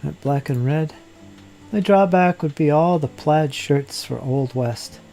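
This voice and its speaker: A man's voice: fairly high pitch, unhurried, gravelly, mellow, soft background music. A man hosting a casual live hobby chat while he crafts, rambling and joking and often laughing at himself. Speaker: hobby channel host.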